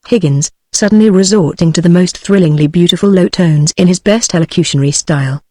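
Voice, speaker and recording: A text-to-speech woman's voice with a British English accent, reading a stage play aloud in an even, synthetic manner. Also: fairly low pitch, fairly quick, hardly any pauses, dry recording, studio quality. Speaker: narrator.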